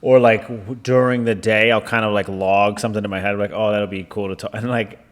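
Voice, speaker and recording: Low-voiced laid-back man podcaster. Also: steady tone, fairly quick. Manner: laid-back, swears, laughs often. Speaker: podcast co-host. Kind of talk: casual chat.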